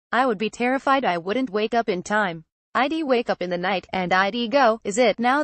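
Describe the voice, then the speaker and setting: Woman reading an interview in a steady voice. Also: medium pitch, no room sound. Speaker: article reader. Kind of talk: synthetic reading of a printed interview.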